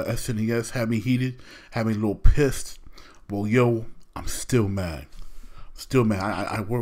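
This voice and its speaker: A young man hosts his own podcast in a loose, slangy, animated way. His voice sits low and relaxed as he vents about his gripes. The delivery is casual and talkative. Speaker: podcast host.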